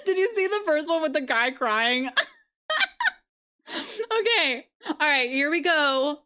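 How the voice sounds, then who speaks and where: Giggly woman streamer, high bright voice, bouncy pitch, takes her time. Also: lively intonation, slow. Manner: giggly, bubbly, laughs often. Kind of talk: casual live-stream chat.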